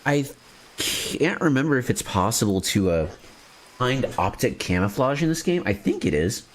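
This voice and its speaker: A man's voice: mid-range voice, big pitch swings, moderate pace, slight background noise. A man streaming a video game, chatting casually and joking with his viewers as he plays. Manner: playful, joking, chats to viewers. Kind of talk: casual gameplay commentary.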